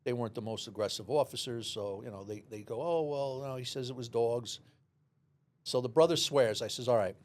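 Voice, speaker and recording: A man, a former police officer, telling a lively story in an interview and acting out the voices. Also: medium pitch, a little fast. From New York City. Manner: animated storyteller, acts out dialogue, many restarts.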